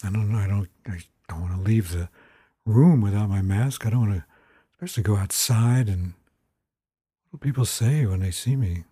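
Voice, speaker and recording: A man's voice: fairly low pitch, moderate pace, mellow, breathy edge, dry recording, clean studio sound. A man voicing an anxious grown man in a told story, hesitant and repeating his words.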